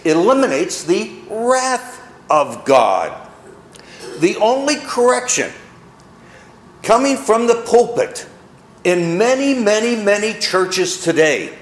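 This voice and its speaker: A male pastor preaches slowly, his pitch climbing and falling with emphasis. His voice sits a little high for a man. The room adds a clear echo around him. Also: a little hiss or hum. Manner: preaching with rising emphasis, mocking quotes. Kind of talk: sermon. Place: church.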